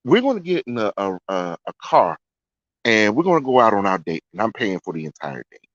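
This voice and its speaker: A man voicing a confident, wealthy young woman who takes her date out, in quick quoted lines. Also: on the low side, very animated, fairly bright tone, no echo. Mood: assured. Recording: dry, dull lo-fi sound.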